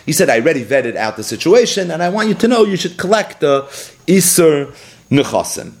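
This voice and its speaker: A man's voice: on the high side, lively intonation, brisk. A man teaching a daily Talmud lesson. He reads the Aramaic text line by line, explains it in English, and acts out the rabbis' exchanges expressively.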